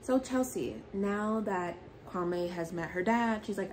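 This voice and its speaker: A young adult woman giving a chatty, animated recap of a reality dating show, peppering her talk with "like". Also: mid-range voice, takes it slowly, a little hiss or hum. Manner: chatty, animated quoting with frequent "like". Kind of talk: casual recap commentary. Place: apartment in New York.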